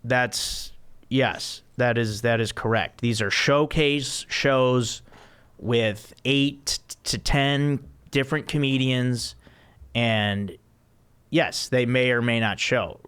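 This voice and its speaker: Host, male, clear smooth voice, rambling anecdotes, casual podcast chat. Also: mid-range voice, steady tone, slow, fairly bright tone. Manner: rambling storyteller with many restarts and laughs.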